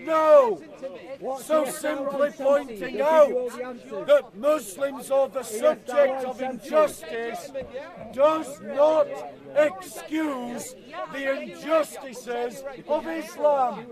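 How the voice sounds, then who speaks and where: A man's voice: very high-pitched, steady tone, extremely slow. A man giving a street-corner debate speech outdoors, declaiming to a crowd and repeating himself over hecklers. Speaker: street preacher. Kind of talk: open-air debate speech. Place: outdoors in a city park, crowd around. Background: crowd chatter.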